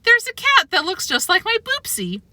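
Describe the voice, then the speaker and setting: A woman's voice: wildly swooping pitch, moderate pace, sharp tone, no echo, heavily acted. Woman doing a fluttery old lady. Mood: eager. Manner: high, fluttery, eager. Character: excited old woman, blue-haired resident.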